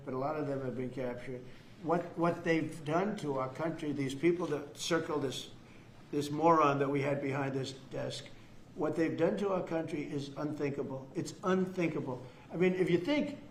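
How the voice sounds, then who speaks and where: Older man, boastful, rambling, repetitive, fairly high voice, echoey room. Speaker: president giving remarks. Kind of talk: off-the-cuff press remarks. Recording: echoey room with faint noise.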